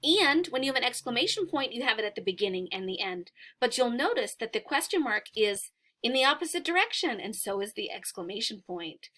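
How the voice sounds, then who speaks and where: A woman teaching Spanish to beginners, reading a short story aloud and explaining it word by word, slowly and patiently. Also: fairly high pitch, sing-song, pushed and bright.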